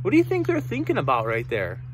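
Animated man reading a picture book to kids. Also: on the high side, fast, background noise. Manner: animated, asks the listeners questions. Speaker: read-aloud storyteller for children.

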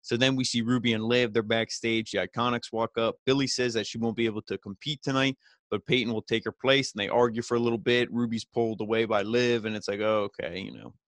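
A man's voice: medium pitch, steady tone, quick pace, fairly bright tone, no echo. A man hosting a podcast, giving a casual, rambling recap full of "you know" fillers and paraphrased quotes. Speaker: podcast host.

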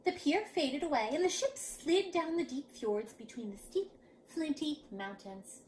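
A woman reading a picture book aloud to young children, dramatic and lively. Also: sits high, unhurried, slight background noise. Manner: animated, dramatic. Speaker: children's storyteller.

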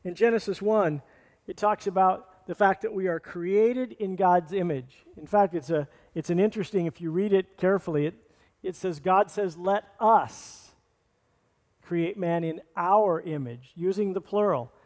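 A pastor preaching a sermon in an earnest, plainspoken way, reading scripture and stopping to restart phrases. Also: male voice, sits high, moderate pace, a little mellow, in a large hall. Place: church sanctuary.

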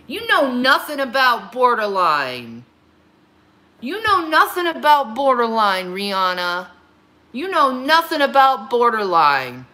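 A woman in her thirties rants on a livestream, talking back to her critics in a heated, confrontational way. Her voice sits a little high and comes out bright and forceful. She hammers her points by repeating the same phrases. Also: sing-song, slow. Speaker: livestream host. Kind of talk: angry livestream rant answering critics.

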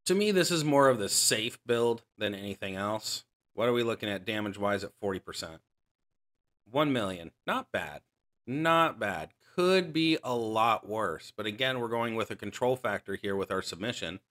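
A man with a fairly low voice and a bright, forceful edge talks through a match in casual gameplay commentary. He explains his strategy step by step and often stops to correct himself. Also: expressive, moderate pace. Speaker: gaming channel host.

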